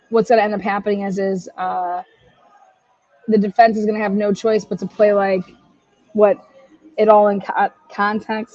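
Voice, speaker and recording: A woman's voice: medium pitch, a little mellow, no echo, lo-fi sound. A woman hosting a true-crime livestream, ranting angrily and swearing heavily as she gives her commentary. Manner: angry, profane ranting. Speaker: livestream host.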